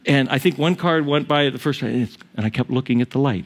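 A man, the pastor, preaching a sermon in a conversational way, asking the congregation questions and joking, rising high on key points and dropping low for asides. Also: fast talker.

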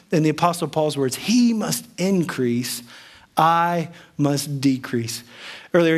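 Earnest higher-voiced man preaching. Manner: earnest, conversational preaching with frequent restarts. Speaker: pastor. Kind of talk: sermon.

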